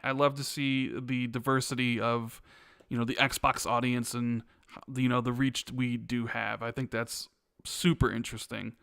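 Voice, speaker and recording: A man co-hosting a casual gaming podcast, relaxed, reading out viewer chat messages. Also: mid-range voice, smooth, no echo, studio quality. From United States. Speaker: podcast co-host.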